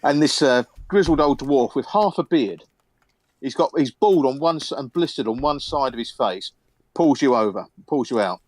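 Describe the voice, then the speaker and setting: Narrating a tabletop game as game master, a man speaks in a medium-pitched voice at a normal pace, with no echo. His style is laid-back and rambling, full of fillers.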